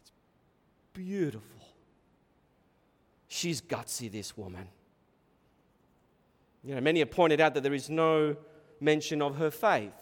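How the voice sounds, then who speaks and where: A man preaching a sermon in a church hall, telling the story with animated, dramatic delivery. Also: fairly high pitch, slow pace, long pauses. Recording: echoey hall reverb.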